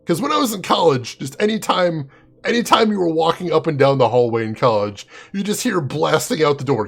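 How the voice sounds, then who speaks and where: A fast-talking game streamer with a fairly high, very animated voice and vocal fry reads his chat aloud. He laughs often and answers viewers by name in a chatty live stream.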